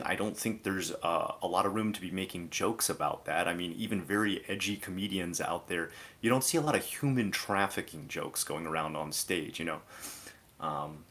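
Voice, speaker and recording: Deep-voiced man ranting on a livestream. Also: a bit bright. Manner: exasperated, critical rant full of "like" fillers. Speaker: live streamer. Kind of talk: casual live commentary.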